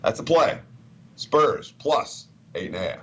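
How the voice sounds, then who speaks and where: A man's voice: mid-range voice, sing-song, measured pace, dull audio. A man giving sports betting analysis in a chatty, conversational way. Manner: chatty, reads out quotes.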